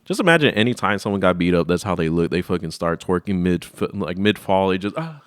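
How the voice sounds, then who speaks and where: Young male host, casual profane storyteller, low-ish voice, dead-dry room, puts on voices for people in his anecdotes. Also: expressive, brisk, hardly any pauses, no room sound. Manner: rambling, profane, acts out voices in his stories. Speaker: podcast host.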